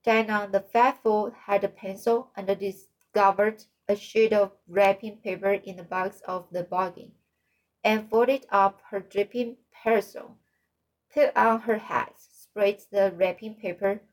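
A woman reading a novel aloud as audiobook narrator, halting with frequent slips and restarts. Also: medium pitch, fairly even intonation, low-quality recording.

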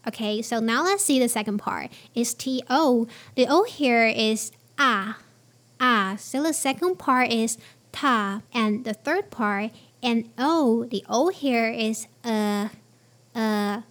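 A woman hosting a pronunciation lesson, spelling out letters and repeating each word slowly and clearly. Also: a little high, fairly bright tone. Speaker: pronunciation teacher and host. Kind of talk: slow, careful pronunciation lesson.

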